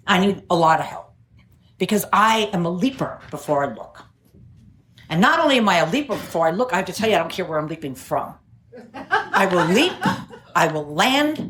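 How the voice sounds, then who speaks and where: A woman's voice: on the low side, fairly bright tone, slight background noise. A middle-aged woman from New City, giving a wry, self-mocking share at a recovery meeting and laughing often. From New York City. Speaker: AA speaker.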